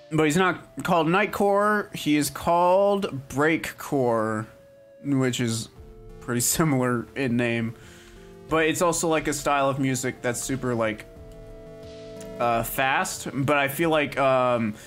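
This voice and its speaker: A man's voice: mid-range voice, a bit bright. A young man chatting casually on a livestream, rambling with lots of "like" and "um" fillers. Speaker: streamer. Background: faint music.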